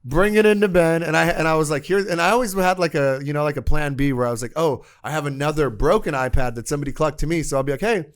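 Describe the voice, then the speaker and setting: A man from Canada, a podcast guest, telling a profane, animated story and acting out the voices of the people in it. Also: fairly high pitch, fast talker, few pauses, smooth. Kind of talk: casual storytelling.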